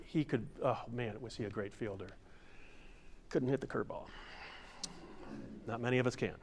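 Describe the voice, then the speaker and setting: A man's voice: mid-range voice, moderate pace, slight background noise. Playful older man leading a movement workshop. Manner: playful, demonstrative, acts out overblown theatrical lines. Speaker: masterclass presenter. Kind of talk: workshop lesson with audience exercises. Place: room with a live audience.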